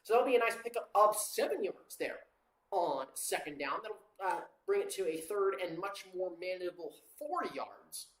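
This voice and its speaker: An amateur commentator calling play-by-play over a live watchalong, casual and rambling, with fillers and quick self-corrections. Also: medium pitch, big pitch swings, fairly bright tone, roomy sound, poor audio.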